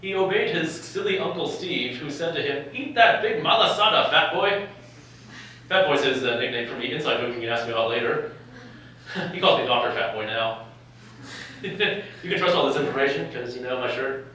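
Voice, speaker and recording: Speaking fairly quickly in a mid-range, fairly bright voice, a young physician from California jokes and chuckles through a talk to medical students at a live event. The distant lecture-hall recording carries slight hiss or hum.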